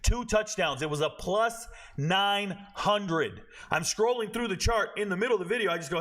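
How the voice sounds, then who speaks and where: A man's voice: fairly high pitch, lively intonation, normal speed, fairly bright tone. A man hosting a sports betting vlog, ranting in a brash, boastful, scolding way. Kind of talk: betting picks vlog rant.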